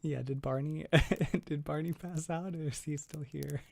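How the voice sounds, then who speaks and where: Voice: mid-range voice, steady tone, unhurried, gravelly, dark tone, a little hiss or hum. A young adult livestream host chatting casually with viewers, laughing often and restarting sentences.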